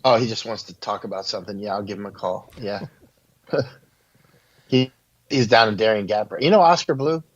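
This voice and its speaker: A man's voice: fairly low pitch, moderate pace, long pauses. A man telling rambling stories as a guest in a casual interview, laughing at his own anecdotes. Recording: dull lo-fi audio.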